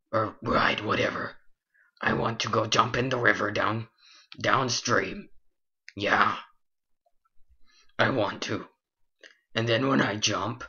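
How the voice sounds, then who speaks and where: Brief: man voicing a spiteful horse, slow deadpan delivery, comic game skit. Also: lowish voice. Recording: lo-fi dull recording.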